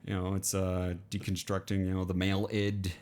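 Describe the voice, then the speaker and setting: A man's voice: sits low, monotone, moderate pace, darkish tone, a little hiss or hum. A young man co-hosting a podcast, chatting casually about a film and rambling with many restarts. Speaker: podcast co-host. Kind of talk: casual film review chat.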